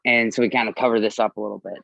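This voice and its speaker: A man's voice: fairly low pitch, steady tone, rapid-fire, creaky, fairly bright tone, dry recording, lo-fi sound. A man in his thirties, an army veteran, candidly telling his own story in a podcast interview and swearing freely.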